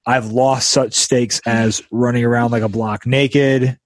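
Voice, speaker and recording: A man's voice: mid-range voice, level tone, slow pace, dry recording, clean studio sound. A young man hosting a podcast, telling a story in a rambling, casual way with lots of fillers and restarts, recorded at a friend's house. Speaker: podcast host.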